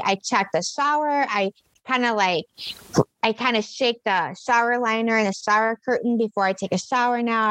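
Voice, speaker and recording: Woman rambling through a story, lots of uhs and restarts, kinda high voice, dry close sound. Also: no room sound. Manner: rambling, animated storyteller with many fillers and restarts. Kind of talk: casual storytelling chat.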